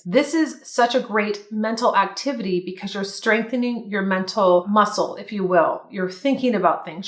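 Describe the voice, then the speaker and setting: A woman's voice: mid-range voice, a bit bright. A woman vlogger giving earnest, reflective advice straight to her viewers. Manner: earnest, reflective, reads quotes aloud. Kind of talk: casual advice talk to camera. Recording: echoey room.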